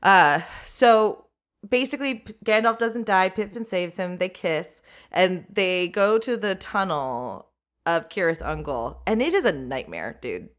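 A woman with a lively, swooping pitch chats casually on a podcast. She talks playfully and throws in laughing asides. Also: unhurried. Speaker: podcast co-host. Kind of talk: casual chat.

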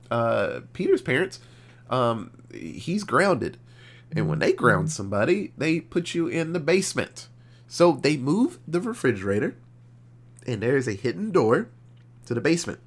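A man co-hosting a podcast, recapping a horror movie in animated, profane, casual storytelling. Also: mid-range voice, unhurried. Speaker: podcast co-host. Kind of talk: casual movie review chat.

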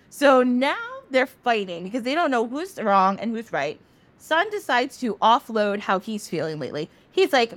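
A woman podcast host retelling a myth in a casual, animated way, swearing freely. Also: on the high side, moderate pace.

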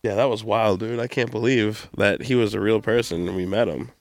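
A man's voice: lowish voice, fairly even intonation, a little fast, no room sound, studio quality. A man hosting a podcast in casual, crude, rambling chat, joking around and slipping into silly voices. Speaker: podcast host.

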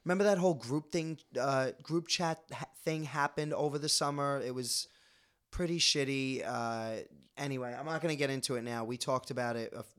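A man's voice: mid-range voice, brisk, a bit bright, clean tone. A man co-hosting a casual podcast, chatting and gossiping in a rambling way, with the hiccups. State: has the hiccups. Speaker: podcast co-host. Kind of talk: casual chat.

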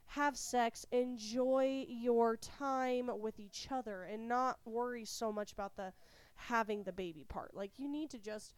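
Young cali mom podcasting while a bit sick, swears a lot, smooth clear voice, kinda high. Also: female voice, no room sound. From California. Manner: candid, swears freely, animated retelling. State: a little sick, voice slightly off. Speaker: podcast host. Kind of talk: casual confessional storytelling.

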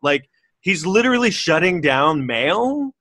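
Brief: male host, profane ranter, slightly high voice, dry close mic. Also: very animated, unhurried, pushed and bright, no echo. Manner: ranting, profane, exasperated. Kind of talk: casual chat.

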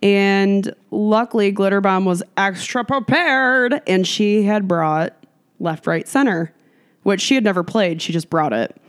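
A woman's voice: mid-range voice, unhurried, clean tone. Rowdy, laughing woman podcast co-host. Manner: profane, rowdy, laughs often. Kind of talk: casual chat.

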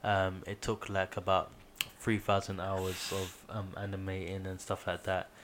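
Deep-voiced guy on a podcast, laid back and slangy, bit of hum behind. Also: a little slow. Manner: relaxed, laughs often, slangy. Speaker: podcast co-host. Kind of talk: casual chat.

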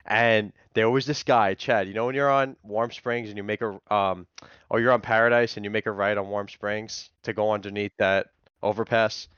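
Excitable man, slightly muffled dry sound. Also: fairly low pitch, normal speed, clear, resonant tone, no echo. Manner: excitable, profane storytelling. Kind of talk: casual storytelling chat.

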